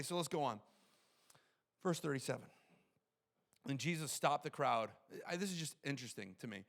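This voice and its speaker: A male pastor preaching a sermon in an animated way, acting out quoted lines and dropping to quiet intensity for tender moments. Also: fairly high pitch.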